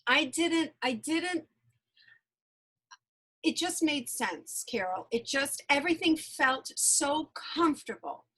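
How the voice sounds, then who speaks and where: A woman's voice: sits high, lively intonation, slow, bright, forceful tone, low-quality recording. A woman guest in an interview, telling her personal story earnestly and emphatically, often repeating phrases. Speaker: interview guest, energy healer.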